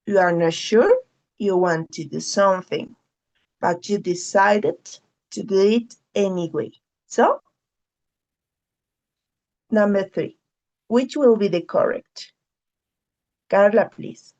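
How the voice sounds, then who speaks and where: Slow, gravelly-voiced teacher. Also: female voice, medium pitch, a little mellow, dull audio. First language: Spanish. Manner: patient, repeats key phrases, frequent "okay?". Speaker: English teacher. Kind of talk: online class instruction.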